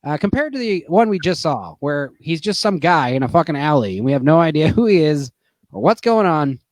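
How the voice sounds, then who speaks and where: A man's voice: a little high, big pitch swings, fairly quick, a little mellow, no room sound. A young man casually recapping a movie on a stream, rambling and profane with lots of fillers. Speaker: podcast host.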